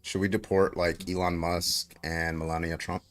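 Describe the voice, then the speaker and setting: A man with a notably low, deep voice hosts a casual livestream debate. He is brash and hyped, swears freely and fires questions at callers. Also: flat delivery, moderate pace, background noise. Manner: hyped, brash, profane, calls out viewers.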